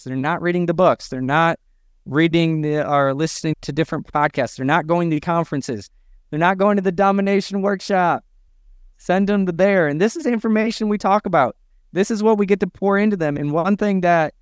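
Co-hosting an energetic business podcast, a man with a high-sitting, clean voice gives advice to gym owners, speaking emphatically and a bit preachily while acting out quoted lines. The sound is clean studio audio with no echo.

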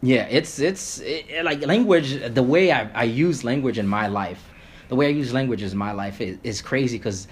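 This podcast guest, a man who grew up with Creole, talks in a loose, animated, rambling way, swearing and piling up fillers and restarts in casual conversation. His medium-pitched voice keeps a moderate pace.

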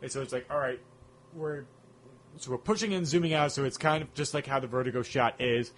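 A man's voice: mid-range voice, fairly quick, a bit bright, a little hiss or hum. A man co-hosting a casual film chat, rambling enthusiastically and humming music cues. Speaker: podcast co-host.

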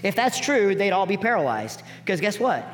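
Male preacher, higher register, lively storytelling delivery that drops soft for emphasis, in a church hall with a long reverb. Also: a little hiss or hum. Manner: animated, acts out the people in the story with quick voice changes; drops to soft, quiet emphasis on key points. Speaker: pastor. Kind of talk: sermon.

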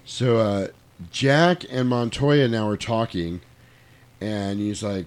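A man's voice: fairly low pitch, measured pace. Man animatedly retelling a movie. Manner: animated, profane, laughs while telling. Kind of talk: casual chat retelling a movie.

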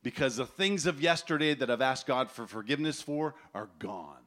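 A man in his forties preaching a sermon at a festival, telling stories with animated acted-out voices. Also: medium pitch, normal speed. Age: 40s. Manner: animated storytelling, acts out voices. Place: large tent festival gathering.

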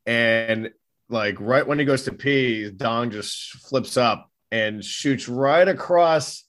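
A man's voice: mid-range voice, takes it slowly, a bit bright. A man, a physical therapist co-hosting a podcast, telling a story from his student days in a casual, easygoing way. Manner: easygoing, filler-heavy.

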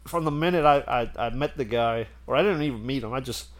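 A man's voice: medium pitch, fast. A man telling a story in casual chat, rambling and laughing as he goes.

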